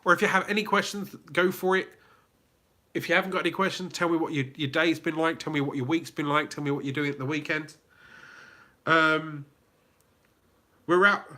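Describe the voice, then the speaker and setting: A livestream host from England with a southern English accent hosts a casual live Q&A, chatty and reading viewer comments aloud, with many fillers and restarted sentences. His slightly high voice is bright and forceful, with fairly even intonation, a moderate pace and long pauses.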